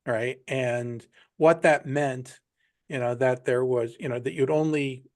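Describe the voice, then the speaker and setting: A man's voice: medium pitch, steady tone, a little slow, darkish tone. A man hosting a casual group video call. He wanders through his points and leans on "you know" and "right" again and again. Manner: rambling, with many "you know"s.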